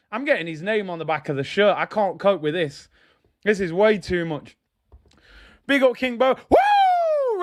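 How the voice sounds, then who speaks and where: A young man hosting a live football watch-along, excitable, joking with his chat and shouting when his team scores. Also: high voice, smooth. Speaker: football fan channel host.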